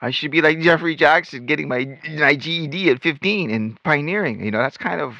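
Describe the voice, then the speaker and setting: A man telling his life story as host of his own channel, animated and acting out remembered lines as he goes. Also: on the high side, brisk, gravelly, dry recording, lo-fi sound. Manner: animated storytelling, acts out quotes. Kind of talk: personal testimony monologue.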